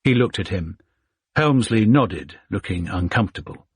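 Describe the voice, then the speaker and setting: Husky male audiobook narrator. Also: fairly low pitch, animated, moderate pace, no echo, clean studio sound. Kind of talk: scripted narration.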